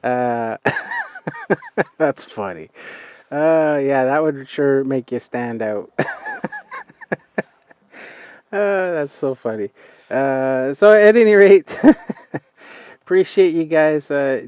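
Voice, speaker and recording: A man's voice: medium pitch, darkish tone, no echo, muffled recording. A man hosting a casual live stream outdoors, rambling and hesitant with lots of fillers, talking into a phone. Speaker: lawn care channel host. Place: outdoors on a client's lawn.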